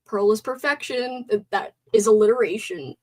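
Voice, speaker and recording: A young woman hosting a casual live stream movie talk, animated, swearing and gasping as she reads out chat comments. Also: mid-range voice, normal speed.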